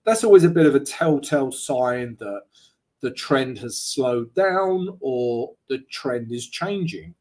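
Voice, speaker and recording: A man with a mid-range, slightly mellow voice and lively intonation talks at a slow pace. He's a trading analyst doing a live market walkthrough, casual and chatty, joking and tacking "right?" onto lines.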